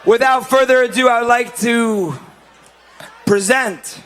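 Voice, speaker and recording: A man's voice: very high-pitched, measured pace, fairly bright tone, low-quality recording. A man emceeing a banquet, repeatedly urging everyone to take their seats before introducing the entertainment. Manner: repeatedly urges the crowd to sit, building up the introduction. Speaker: event emcee. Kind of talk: announcing at a banquet.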